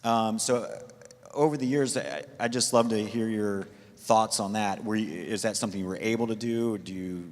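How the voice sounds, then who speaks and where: A man's voice: lowish voice, fairly even intonation, moderate pace, a little mellow. A man interviewing a guest on a church stage, hesitant and searching for words as he puts his question. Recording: long reverb of a church hall.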